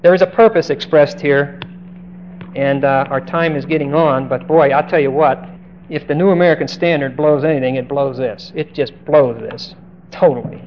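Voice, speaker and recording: A man's voice: fairly high pitch, fairly even intonation, normal speed. Emphatic male preacher, lo-fi recording. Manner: emphatic, stretches key words and asks the listeners direct questions. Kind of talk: expository sermon on a Bible passage. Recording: dull lo-fi recording with faint hiss.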